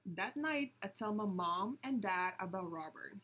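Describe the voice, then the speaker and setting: A woman reading a picture book aloud, slow and deliberate, stopping to point out the pictures. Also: medium pitch, animated, fairly bright tone, breathy edge. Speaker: storybook reader.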